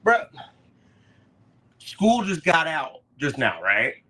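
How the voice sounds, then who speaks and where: Bright-voiced, joking man co-hosting sports chat. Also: a little high, huge pitch swings, takes it slowly, breathy edge. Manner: joking, apologetic, easygoing. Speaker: co-host.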